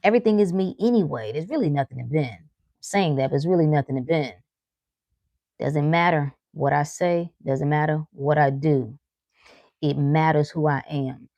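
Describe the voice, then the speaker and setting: A woman's voice: deep voice, darkish tone, no echo. A woman hosting a live stream, giving an earnest motivational talk and repeating affirmations. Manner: earnest, repetitive affirmations spoken aloud. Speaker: host of a live stream answering chat.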